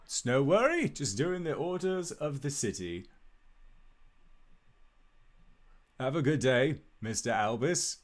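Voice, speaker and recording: A man's voice: medium pitch, sing-song, moderate pace, voice pushed up, natural voice. A man voicing a courteous male town guardsman in a tabletop game, formal and dutiful in manner. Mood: polite.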